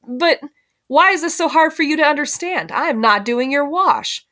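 A woman's voice: high-pitched, animated, normal speed, a bit bright, voice pushed up. A woman reading as a haughty, prim city lady. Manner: haughty, condescending.

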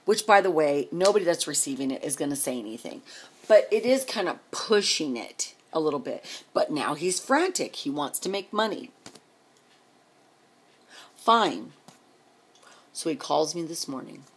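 A husky, somewhat low-voiced woman in middle age pours out a frustrated rant to her viewers. She fires off rhetorical questions and circles back on her points again and again. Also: big pitch swings, normal speed, long pauses. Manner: exasperated, rhetorical questions, repeats herself. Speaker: vlogger. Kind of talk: emotional rant to camera.

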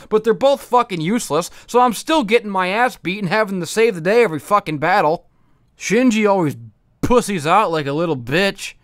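A man's voice: sits high, a bit bright, smooth, no echo, studio quality. A man voicing a foul-mouthed, bitter young female robot pilot in a profane, self-pitying comedic monologue. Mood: bitter ranting.

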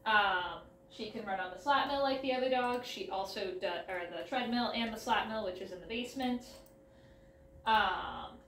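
A dog trainer and vlogger with a medium-pitched, fairly bright voice shows off her dogs' tricks at home, casually explaining between short, upbeat commands. The roomy recording comes from a distant mic, with faint ambience and a little hiss or hum.

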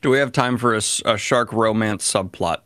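A man playing a tabletop game, cracking jokes in a deadpan way. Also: fairly low pitch, brisk, no echo, studio quality. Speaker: player. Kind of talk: casual tabletop banter.

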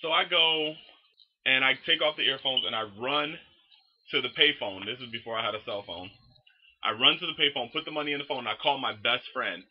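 Young guy hyped up telling a story, cussing a lot, husky voice, kinda muffled lo-fi audio. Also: mid-range voice, a little fast. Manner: excitable, profane, animated retelling. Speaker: vlogger. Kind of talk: casual storytelling.

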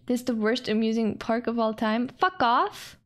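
A young woman streaming a park-building game, excitable, swearing a lot and laughing often. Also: fairly high pitch, brisk. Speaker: vtuber streamer. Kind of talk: casual gameplay commentary.

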